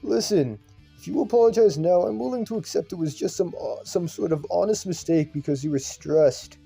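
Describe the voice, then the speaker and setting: A man voicing an earnest young peacemaker who talks gently and reasonably, over faint music. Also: high voice, fairly quick, vocal fry, breathy edge, voice pushed up, full character voice. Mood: placating. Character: earnest young peacemaker, soft-spoken and caring. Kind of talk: fan visual novel voice acting.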